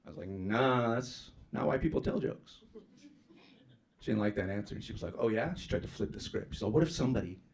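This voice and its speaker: Give me a man doing profane stand-up with swinging pitch, recorded live in a club with audible crowd noise. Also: expressive, brisk. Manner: brash, profane, loud punchlines with mocking voices. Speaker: stand-up comedian. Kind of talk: stand-up comedy set. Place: comedy club stage with live audience.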